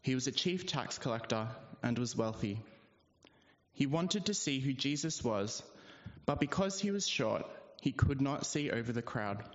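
A man reading a Bible passage aloud in a steady, measured way. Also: medium pitch. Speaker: scripture reader. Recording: dull sound, long church reverb.

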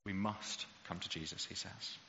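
A man's voice: sits low, steady tone, normal speed, creaky, bright, forceful tone, a little hiss or hum. A man preaching a sermon, emphatic and rhetorical, building to passionate peaks. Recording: dull echoey hall recording.

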